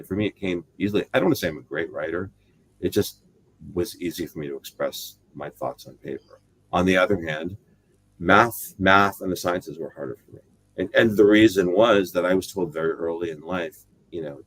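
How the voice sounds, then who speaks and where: A man's voice: low voice, a little hiss or hum. A middle-aged man from the United States, talking as an interview guest in a rambling, thoughtful way that often corrects itself. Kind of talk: casual interview talk.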